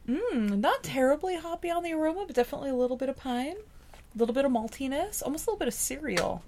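A woman's voice: sits high, expressive, fast, darkish tone. Giggly woman podcast co-host. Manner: giggly, bubbly, teasing. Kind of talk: casual chat.

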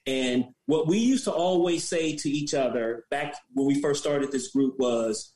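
A man's voice: medium pitch, a little slow, a little mellow. A man in his fifties, a guest on a podcast, talking in an easygoing, joking way. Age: 50s. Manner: easygoing, self-described jokester. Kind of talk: casual interview chat. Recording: echoey room.

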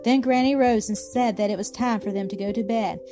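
A woman's voice: fairly high pitch, steady tone, a little fast. Woman narrating a children's story. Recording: music playing behind.

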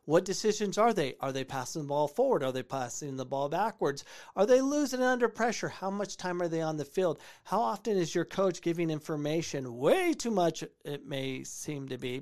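A man from the United States with a slightly high voice hosts a casual show, talking over soccer clips. He is opinionated and drives his points home by repeating phrases. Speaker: podcast host reviewing soccer clips. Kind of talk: casual commentary on video clips.

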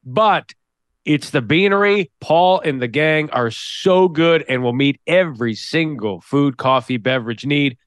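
A man's voice: a little high, measured pace, no room sound, studio quality. A male podcast co-host chatting casually and reading a sponsor ad in an easygoing, wry way. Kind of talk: casual chat and host-read ad.

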